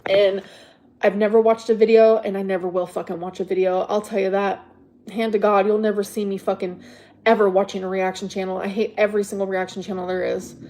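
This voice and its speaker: Speaking quickly in a mellow, mid-range voice with a level tone, a woman hosts a livestream and rants at her viewers. She sounds exasperated and defensive, swears freely, and keeps firing rhetorical questions at them.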